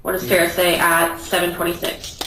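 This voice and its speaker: A woman attorney questioning a witness in court with brisk, direct questions. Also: on the low side, completely flat delivery, bright, forceful tone. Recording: echoey room, voice picked up from a distance.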